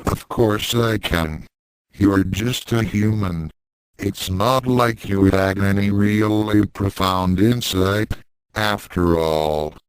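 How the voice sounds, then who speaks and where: A man's voice: lowish voice, slow pace, a little hiss or hum, low-quality recording. A man reading fan fiction aloud and voicing a sarcastic, mind-reading invisible cat with a dry, mocking manner. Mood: condescending.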